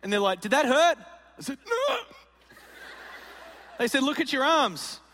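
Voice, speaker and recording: Aussie pastor guy, high bright voice, goofy storyteller doing little voices, big echoey hall. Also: huge pitch swings, measured pace, a little hiss or hum. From Australia. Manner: playful storyteller acting out voices. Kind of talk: sermon with comic storytelling. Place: large auditorium.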